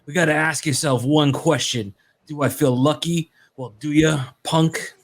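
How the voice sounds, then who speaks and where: A man doing a slow gruff tough-guy cop. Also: fairly high pitch, fairly even intonation. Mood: menacing.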